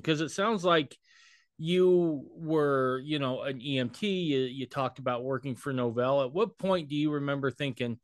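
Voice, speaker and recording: A man's voice: fairly high pitch, unhurried, dry recording. Man hosting an interview, dry sound. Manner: soft reflective reactions and questions. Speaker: podcast host. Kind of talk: interview questions.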